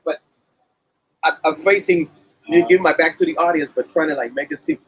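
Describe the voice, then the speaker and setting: Man telling animated road stories. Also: a little high, moderate pace, a little hiss or hum, poor audio. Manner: animated anecdotes with acted-out quotes. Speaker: musician guest. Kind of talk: casual storytelling interview. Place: cafe.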